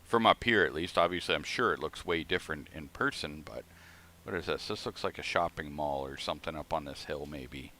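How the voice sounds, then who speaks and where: Deep-voiced man ranting casually. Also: fairly quick, a little hiss or hum. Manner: profane, rambling, animated storytelling. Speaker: streamer. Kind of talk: casual gaming stream chat.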